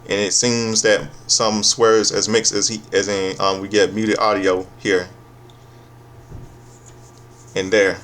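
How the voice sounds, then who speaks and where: A man with a lowish voice recaps a wrestling show in a loose, casual way. He is sarcastic and swears freely. He often stumbles over his words and restarts his sentences. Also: level tone, fairly bright tone. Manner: profane, sarcastic, halting with restarts.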